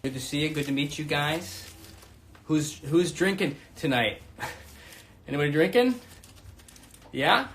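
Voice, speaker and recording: A man's voice: on the high side, unhurried, pauses often, fairly bright tone, slight background noise. A man in his thirties hosting a live-streamed stand-up set from home, with a rambling, profane, self-mocking manner. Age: 30s. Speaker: stand-up comedian and host. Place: home in Brooklyn.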